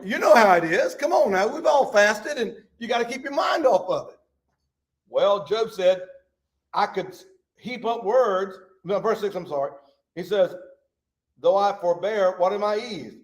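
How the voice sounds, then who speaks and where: A man teaching a Bible study, animated, reading scripture and talking to his congregation. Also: normal speed. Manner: animated, rises to shouts and drops low. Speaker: pastor.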